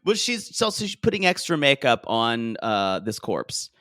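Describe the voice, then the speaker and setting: A man co-hosting a podcast, recapping a reality show in casual chat, animated and quick to laugh. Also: medium pitch, no room sound, clean studio sound. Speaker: podcast co-host.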